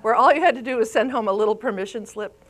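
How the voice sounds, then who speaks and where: A woman in her fifties gives a live lecture as a speech therapist, her voice sitting a little high. She talks in a chatty, storytelling way, often turning to ask the room questions. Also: quick pace. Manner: chatty, storytelling, quizzes the audience. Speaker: speech therapist presenting a continuing-education course.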